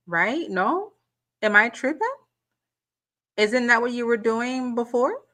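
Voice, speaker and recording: A woman with a fairly high, sharp-toned voice hosts a channel and gives reaction commentary. She fires off incredulous rhetorical questions, repeating words as she works her way to her point.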